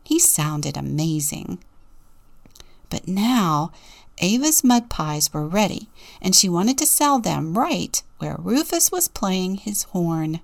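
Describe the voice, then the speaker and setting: A woman deacon gently reading a children's story aloud and asking the listener questions. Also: on the low side, big pitch swings, slow, vocal fry.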